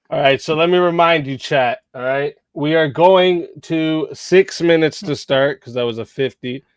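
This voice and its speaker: A man's voice: on the high side, slow pace, smooth, dry recording. A man hosting a live debate stream, casual and talking to chat, saying bro. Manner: casual, says bro a lot.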